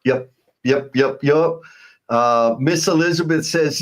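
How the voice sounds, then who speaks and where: A man's voice: on the high side, measured pace. A man co-hosting a live stream, chatting casually, reading viewer comments aloud and joking about himself. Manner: animated, playful, self-mocking. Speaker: co-host of a live show.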